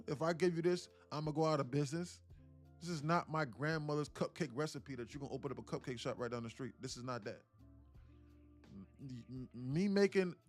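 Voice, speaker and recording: A man coaching viewers on a live stream about trading. He talks bluntly, swears casually and keeps calling out to his audience. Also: on the high side.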